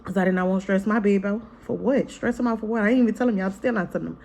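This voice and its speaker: Woman host, casual storytime, mid-pitched voice, vivid and blunt, swears freely, talks to her viewers like friends. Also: rapid-fire, gravelly, a little mellow. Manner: chatty, frank and profane, keeps calling to viewers as "y'all" and "girl"; re-enacts scenes vividly in the retelling. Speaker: family vlogger, mother.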